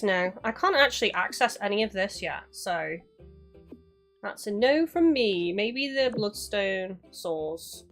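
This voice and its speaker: A woman's voice: medium pitch, expressive, slow pace, fairly bright tone, faint music behind. A woman chatting casually to her viewers while live-streaming a game, swearing now and then.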